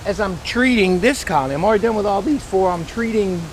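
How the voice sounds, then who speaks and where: Chatty beekeeper man, higher voice. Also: lively intonation, fast, a little hiss or hum. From Louisiana, USA. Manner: chatty, folksy, rambling with restarts. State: voice a bit squeaky from dry air. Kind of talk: casual vlog storytelling. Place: outdoor bee yard.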